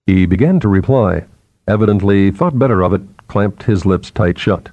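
A man narrating a novel in a measured, expressive way. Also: lowish voice, no echo, muffled recording. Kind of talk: scripted audiobook narration.

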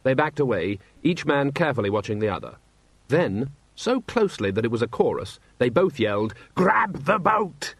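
A man reading a story aloud in a wry, steady narrating voice, acting out the characters. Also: mid-range voice, brisk, dry recording. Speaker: audiobook narrator. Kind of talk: scripted narration.

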